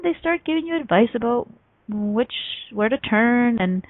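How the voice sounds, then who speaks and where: A woman hosting a motivational radio talk show, telling stories with lively acted-out voices and frequent laughter. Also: medium pitch, moderate pace, no room sound. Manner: animated storytelling, acts out quoted voices; laughs often between points. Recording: tinny phone-like line, dry.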